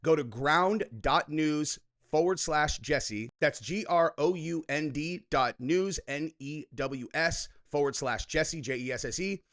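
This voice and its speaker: A man in his thirties hosting political reaction commentary, sarcastic and mocking with loud outbursts. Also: a little high, measured pace, hardly any pauses.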